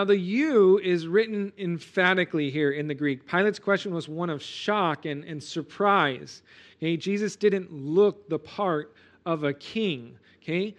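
A male pastor giving an expository sermon, animated and emphatic, often checking in with "okay?" and "right?". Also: high voice. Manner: animated, emphatic preaching with frequent "okay?" asides.

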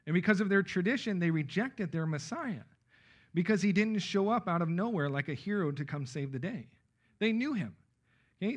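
A man preaching an expository Bible sermon, emphatic and checking in with his listeners with frequent okay and right. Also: fairly high pitch. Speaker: pastor.

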